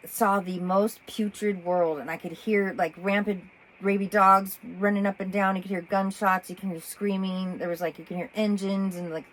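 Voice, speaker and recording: A woman telling a personal story in a rambling, animated way, often breaking off and restarting. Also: on the low side, a little hiss or hum, rough recording. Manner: rambling, animated, self-interrupting with laughs. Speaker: vlogger.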